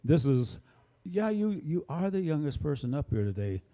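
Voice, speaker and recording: A man's voice: fairly high pitch, very animated, moderate pace, dark tone. An older man leading a band, introducing his musicians with rambling, joking stage banter into a microphone at a small venue. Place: small performance space, live audience.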